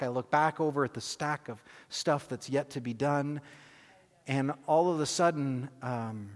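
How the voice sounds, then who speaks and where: A man preaching, telling a personal story with animated, self-deprecating humor and acting out scenes. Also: a little high, in a large hall. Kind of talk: sermon storytelling.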